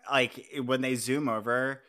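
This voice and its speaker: A man in a casual podcast chat about a film, adding wry asides and quick jokes. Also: medium pitch, little pitch movement, fairly bright tone. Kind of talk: casual movie-recap chat.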